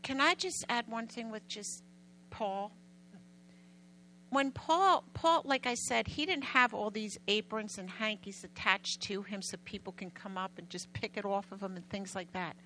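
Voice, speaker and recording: A woman preacher telling a story to her congregation in an animated, emphatic way, often getting loud. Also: mid-range voice, measured pace, a little hiss or hum, low-quality recording. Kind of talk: sermon storytelling.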